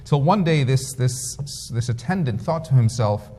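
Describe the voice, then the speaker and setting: A man, a rabbi, giving a lecture that moves between storytelling and measured rhetorical questions put to his audience. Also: medium pitch, expressive, dark tone, soft background music. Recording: lecture hall with long reverb.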